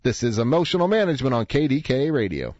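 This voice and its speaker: A man in a radio studio, talking to his listeners in a relaxed, chatty way. His voice sits mid-range and the sound is dry and a little muffled, with no room around it. He acts out the people in his stories as he tells them. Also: mid-range voice, fast, no echo. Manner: conversational storytelling, acts out quoted voices. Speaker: radio talk show host. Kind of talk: radio talk monologue.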